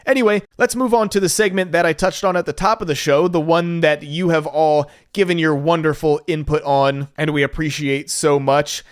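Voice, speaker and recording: A man's voice: fairly high pitch, fairly even intonation, normal speed, hardly any pauses, clean tone, dry recording, clean studio sound. A man hosting a solo podcast in a casual, enthusiastic, laid-back way, with some casual swearing. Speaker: podcast host.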